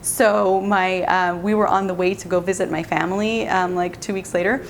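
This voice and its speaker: A woman's voice: fairly low pitch, steady tone, normal speed, slight background noise. A middle-aged mother telling a family story casually and animatedly, laughing often. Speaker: parenting vlogger, mother.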